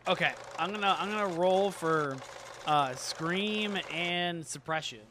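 A man narrating as game master of a comedy tabletop game, joking quickly and voicing side characters. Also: high voice, noisy background.

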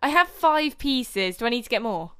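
A playful woman chats along during a gameplay session, easygoing and relaxed. Her voice sits a little high and comes through clear and smooth. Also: moderate pace. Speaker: gaming video co-host. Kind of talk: casual gameplay chat.

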